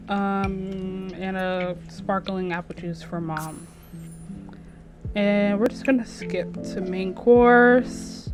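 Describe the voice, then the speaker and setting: A woman giving casual, offhand commentary on her life-sim gameplay as channel host. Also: medium pitch. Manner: chatty, offhand.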